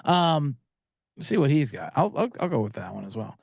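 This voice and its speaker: A man's voice: medium pitch, sing-song, fairly quick, vocal fry, a little mellow, husky, no echo. Male betting-podcast host, rambling and jokey, dry close sound. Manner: rambling, joking, gets worked up. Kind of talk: casual sports betting podcast.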